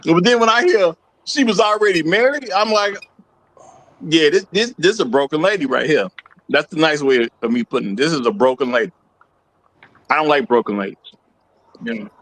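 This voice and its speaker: A man's voice: a little high, a bit bright, poor audio. A man co-hosting a talk show, chatting bluntly and casually with a laugh in his voice. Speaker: podcast co-host. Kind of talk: casual commentary.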